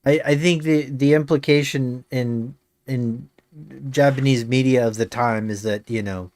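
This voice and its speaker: A man's voice: mid-range voice, steady tone, a little slow, a little mellow, no echo. A male game streamer chatting casually on a live stream, rambling with many fillers and slipping in dry jokes.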